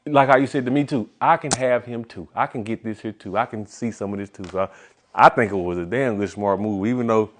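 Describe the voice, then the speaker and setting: A man hosting a casual interview, asking questions in a relaxed, slangy way and often speaking softly. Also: lowish voice, a little fast. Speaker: interview host.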